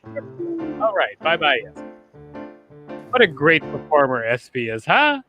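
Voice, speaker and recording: A man hosting a talent show with a drawn-out, sing-song showman delivery. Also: a little high, sing-song, dull audio, faint music behind.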